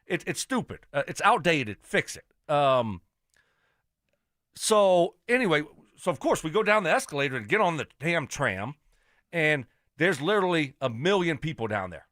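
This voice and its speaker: Animated, high-voiced radio host ranting. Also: male voice, moderate pace, no room sound, studio quality. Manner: animated storyteller, ranting and exasperated. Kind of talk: casual radio chat.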